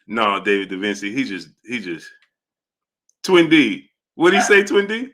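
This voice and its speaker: A man's voice: fairly low pitch, a little slow. A man hosting a live sports stream, reading out viewer comments and laughing often as he answers them. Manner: animated, laughing often, talking back to viewers. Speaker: sports show host. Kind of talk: live-stream chat reading super chats.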